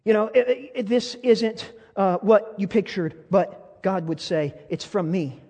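A man preaches from the pulpit, his voice pitched high and earnest as he presses the congregation with question after question. His delivery swells into fervent appeals. The sound rings with the long reverb of a large church hall. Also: unhurried, gravelly, darkish tone. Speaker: pastor. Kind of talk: sermon.

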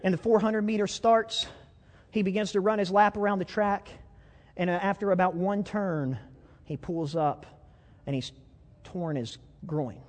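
Male pastor, high voice, fervent storytelling sermon, echoey church hall, stumbles and repeats words. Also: unhurried. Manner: impassioned storytelling, swings from loud to hushed. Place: church stage.

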